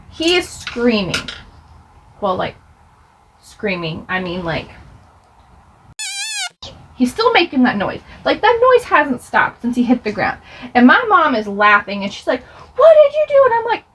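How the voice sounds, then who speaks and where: A woman's voice: on the high side, a bit bright, slight background noise, rough recording. A young woman chatting through a get-ready-with-me storytime as she does her makeup, rambling with laughs and asides. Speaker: beauty vlogger.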